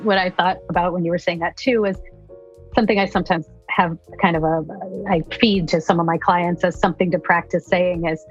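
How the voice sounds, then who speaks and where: A woman's voice: lowish voice, steady tone, fairly quick, muffled recording, soft background music. A woman speaking as a guest therapist in a casual conversation, giving practical tips.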